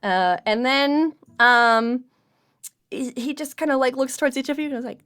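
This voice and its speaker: Woman game master, high and bright, casual and chatty, faint music bed. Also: normal speed, smooth. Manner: casual, chatty, laughs often. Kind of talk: narrating a tabletop game.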